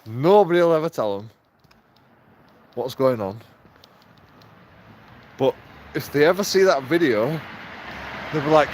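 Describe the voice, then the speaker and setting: A man's voice: medium pitch, moderate pace, long pauses, background noise. A man, rambling and swearing in a casual vlog monologue with frequent chuckles. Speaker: vlogger.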